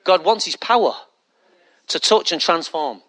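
A man's voice: on the high side, animated, a little slow, a bit bright. A male pastor preaching a conversational sermon full of rhetorical questions and mocking asides.

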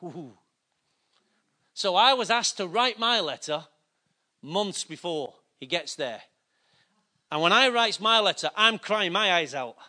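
A man's voice: high-pitched, lively intonation, measured pace, long pauses, bright, forceful tone. A middle-aged man preaching a sermon, telling a personal story in a chatty, self-mocking way. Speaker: pastor.

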